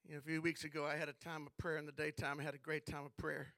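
A male preacher preaching a sermon with call-and-response that builds to shouts. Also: fairly high pitch, completely flat delivery, fast, no room sound.

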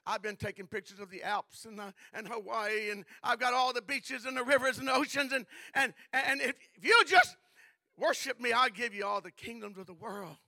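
A smooth, wheedling devil pitches deal after deal in a very high, bright voice, as a male preacher puts him on. The sound is dry and close. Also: a little fast, no room sound, full character voice. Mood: coaxing. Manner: coaxing sales pitch, bargaining. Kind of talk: acted-out sermon scene.

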